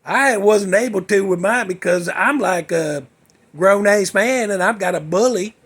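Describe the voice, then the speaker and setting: A man's voice: high voice, a little slow, fairly bright tone, husky. A man hosting a show, telling a workplace story in a folksy, salty, worked-up way. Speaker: host. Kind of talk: casual storytelling monologue.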